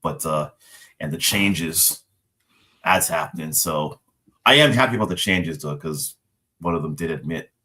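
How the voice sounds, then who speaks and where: A man's voice: very deep voice, unhurried, long pauses, bright, forceful tone. A man from Nigeria telling casual stories about his kids, acting out their lines and laughing often. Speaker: show regular, father. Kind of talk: casual chat.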